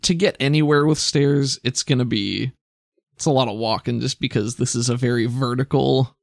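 Gravelly man running a tabletop game. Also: mid-range voice, moderate pace, dry recording, clean studio sound. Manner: relaxed, rambling narration. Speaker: game master.

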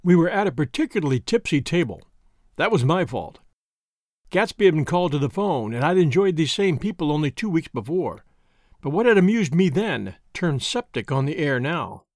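A man's voice: fairly high pitch, big pitch swings, moderate pace, no echo, studio quality. A man narrating a novel as an audiobook, giving each character a voice.

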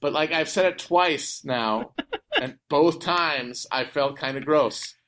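Animated American man on a podcast. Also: on the high side, a little hiss or hum. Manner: animated and jokey, drawn-out emphasis. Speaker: podcast guest. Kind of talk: casual comedic chat.

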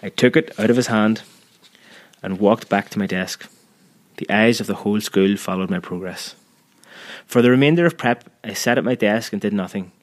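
A man narrating a story in a measured, vivid storytelling manner. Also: fairly low pitch. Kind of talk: scripted audiobook narration.

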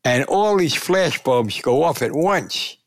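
An older man, a sportswriter, telling lively anecdotes in an interview and acting out the quotes. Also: on the high side, slow, no echo, clean studio sound. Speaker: sportswriter and columnist. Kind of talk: storytelling in a conversational interview.

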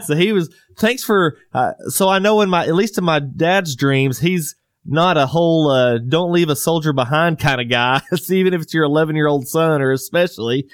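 A man's voice: fairly high pitch, normal speed, clean tone, no echo, clean studio sound. Laid-back rambling man. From Southwest US. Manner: rambling storyteller, laughs often. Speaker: podcast host. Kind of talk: casual chat.

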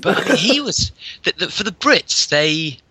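A man co-hosting a casual podcast from his bedroom, telling stories with lively mimicry. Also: normal speed, slightly rough, no room sound. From England. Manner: animated storyteller, mimics people with big pitch jumps. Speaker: podcast co-host. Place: bedroom at home.

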